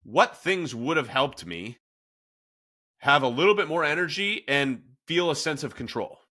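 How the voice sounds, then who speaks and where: A man in his thirties, a fitness coach, hosts a casual podcast in a fairly high, pushed, bright voice that is very animated yet unhurried. He talks candidly and self-reflectively, with many fillers and restarts.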